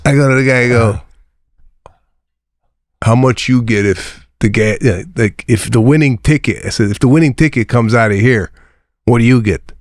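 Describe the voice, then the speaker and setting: A man's voice: medium pitch, moderate pace, no room sound, clean studio sound. A man co-hosting a comedy podcast, telling stories with acted-out dialogue. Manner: animated storyteller, acts out dialogue. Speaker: podcast co-host. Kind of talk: casual comedic storytelling.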